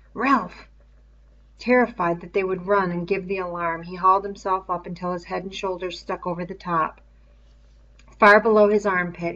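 A woman reading a novel aloud in a steady, measured storytelling voice. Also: mid-range voice, dull audio. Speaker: reader.

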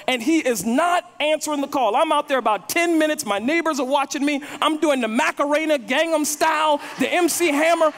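A male pastor delivers a sermon through anecdotes, often repeating words as he drives his points home. His speaking voice sits high for a man. A long reverb trails each phrase, as if he is preaching in a large sanctuary. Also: brisk, hardly any pauses, a bit bright, slight background noise. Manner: storytelling, repeats words when building a point.

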